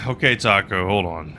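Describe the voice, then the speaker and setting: A man's voice: fairly low pitch, gravelly, sharp tone, slight background noise. A man live-streaming a game, rambling casually and chatting with viewers between laughs. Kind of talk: casual gaming commentary.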